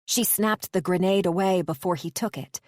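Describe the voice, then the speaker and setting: A woman reading audiobook narration in a measured, even way. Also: on the low side, no echo, studio quality.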